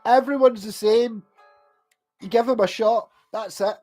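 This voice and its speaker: A Scottish livestreamer with a softened Glaswegian accent talks loosely to his audience, answering comments as they arrive. He drifts between points, stumbles over restarts, swears casually and laughs between thoughts. His high voice is steady and unhurried, with soft music playing behind him.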